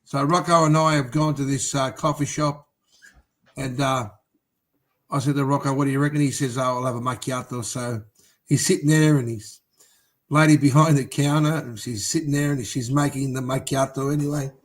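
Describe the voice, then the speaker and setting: A man co-hosting a casual podcast, telling a story in a relaxed way. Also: mid-range voice, normal speed. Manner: relaxed anecdote telling, laughs mid-story. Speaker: podcast co-host.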